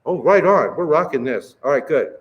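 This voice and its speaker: A man's voice: a little high, lively intonation, moderate pace, dull audio. A man conducting a choir rehearsal, counting beats aloud, encouraging the singers and singing bits to show them. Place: rehearsal hall. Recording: roomy rehearsal hall with music.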